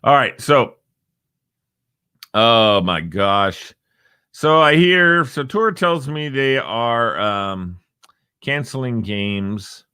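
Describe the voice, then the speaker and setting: A man's voice: mid-range voice, expressive, extremely slow, pauses often, sharp tone, clear, resonant tone, no echo, clean studio sound. A man hosting a casual talk show, rambling and joking and chuckling at his own asides. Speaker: host. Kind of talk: casual chat show monologue.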